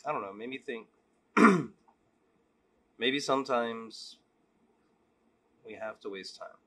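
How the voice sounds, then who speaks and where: A man vlogging, telling a long joke and then talking candidly in a relaxed, casual way. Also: mid-range voice, slow, husky. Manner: relaxed, candid, repetitive storytelling. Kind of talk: joke storytelling and casual reflection.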